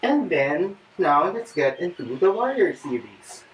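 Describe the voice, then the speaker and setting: Speaking at a measured pace in a slightly high, sing-song voice, this Filipino-accented man walks viewers through yoga stretches for his fitness vlog. He chats, jokes on the side, and sounds a little winded. Recording comes from a distant mic with faint noise behind it.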